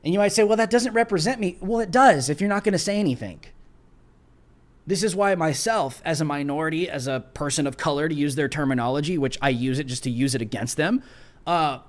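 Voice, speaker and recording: A man's voice: on the high side, brisk. A man hosting a political livestream, reading a news article aloud with emphatic, sarcastic asides. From United States. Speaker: political commentary host.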